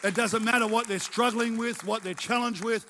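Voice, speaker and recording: A man's voice: high voice, steady tone, normal speed, bright, forceful tone, a little hiss or hum. A middle-aged man preaching a sermon, emphatic and repeating his phrases as he tells his own story. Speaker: pastor.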